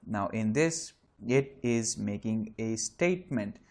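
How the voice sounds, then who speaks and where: A man's voice: lowish voice, animated, slow pace, darkish tone. A man explaining English grammar step by step in an online lesson, with frequent restarts and fillers. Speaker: English teacher.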